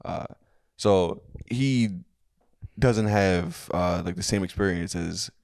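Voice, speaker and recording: A man's voice: low-pitched, takes it slowly, gravelly, a little mellow, dry recording, studio quality. A man co-hosting a comedy history podcast, talking in a laid-back, crude way with many fillers and restarts. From family from a third world country. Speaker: podcast co-host. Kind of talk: casual comedy podcast chat.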